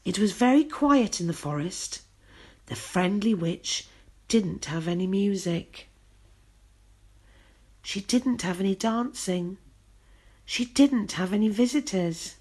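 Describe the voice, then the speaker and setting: A woman teacher reading a children's storybook aloud in an expressive storytelling manner. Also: medium pitch, takes it slowly, pauses often. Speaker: school teacher.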